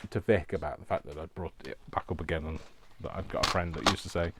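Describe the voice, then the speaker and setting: A man's voice: low-pitched, quick pace, very noisy. A man vlogging while he does crafts, talking to himself by name in a giggly, rambling way. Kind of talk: casual talk while crafting.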